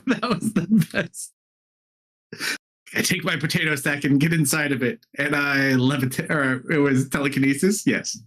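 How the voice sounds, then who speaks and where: A man playing a tabletop game in character, excitable and laughing often as he pitches ideas. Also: normal speed.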